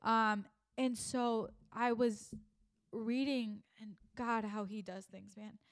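Young female podcast host, lively storyteller who acts out her own thoughts. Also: a little high, takes it slowly. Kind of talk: faith podcast conversation.

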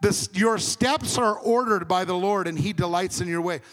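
Guy preaching, high voice, lots of reverb, gets loud then goes quiet. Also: moderate pace. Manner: conversational and emphatic, swings between loud and hushed. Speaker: pastor. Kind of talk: sermon.

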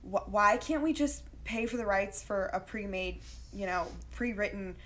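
A woman's voice: medium pitch, normal speed, a bit bright. Chatty young woman full of fillers. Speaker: podcast co-host. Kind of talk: casual chat recapping a movie.

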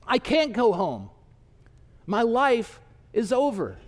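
A man's voice: extremely high pitch, huge pitch swings, takes it slowly, long reverb tail, heavily acted. A man playing Jonah as a sulking, resentful man who complains indignantly. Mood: despairing.

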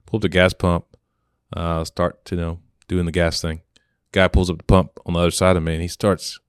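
A man with a somewhat low voice tells a story in a relaxed, chatty way, acting out the lines of the people in it. He co-hosts a podcast. The sound is dry and close to the mic. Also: a little fast, no echo. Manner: relaxed, anecdotal, acts out quotes. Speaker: podcast co-host. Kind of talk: casual storytelling.

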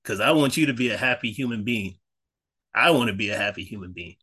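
A man's voice: lowish voice, expressive, fast talker, pushed and bright, slightly rough. A man co-hosting a podcast in a casual, earnest way, encouraging listeners with faith-driven talk and many fillers and self-corrections. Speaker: podcast co-host.

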